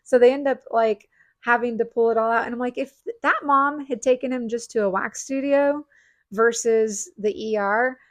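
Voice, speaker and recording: A woman host in casual conversation, bubbly and quick to laugh as she tells animated stories. Her voice sits a little high. The sound is dry and close, with no room around it. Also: no echo. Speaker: podcast host, esthetician. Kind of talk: casual chat.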